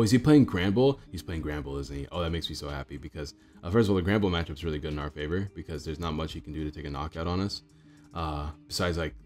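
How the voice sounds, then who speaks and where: A young man with a hoarse, groggy voice, chatting casually while commentating a card game he is playing. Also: rumbling low, a little mellow. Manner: chatty, thinks aloud with fillers.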